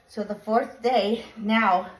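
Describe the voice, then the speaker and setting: A woman's voice: medium pitch, fairly even intonation, slow, slight background noise. Breathless woman coaching from a bike. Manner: encouraging step-by-step cues. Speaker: fitness instructor. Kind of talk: workout coaching while cycling. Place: home exercise bike. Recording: echoey room.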